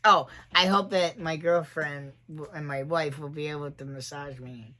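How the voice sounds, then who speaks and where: A man's voice: a little high, steady tone, moderate pace, pushed and bright. A trans man in his forties hosting a casual livestream chat, rambling from thought to thought and laughing often at his own jokes. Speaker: livestream host.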